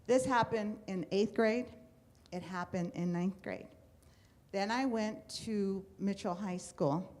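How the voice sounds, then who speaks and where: A middle-aged woman from the United States telling her personal life story to a live audience, acting out the voices of people she quotes. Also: medium pitch. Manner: animated, acts out quoted voices. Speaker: speaker at a storytelling event.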